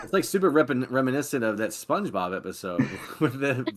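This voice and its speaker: A man hosting a podcast in a casual chat, playful and quick to laugh and joke. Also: mid-range voice, big pitch swings, crowd noise. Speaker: podcast host.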